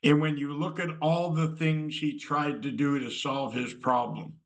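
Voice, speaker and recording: A man's voice: on the high side, fairly even intonation, measured pace, low-quality recording. A man co-leading a recovery meeting on a video call, talking in a wry, conversational way. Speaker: meeting co-leader.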